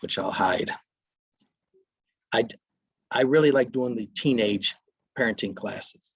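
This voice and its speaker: A man with a husky, mid-pitched voice presents a parenting workshop in a dry, close recording. He talks to parents in a conversational way. Now and then he acts out brief lines a parent or child might say. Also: no room sound, lo-fi sound.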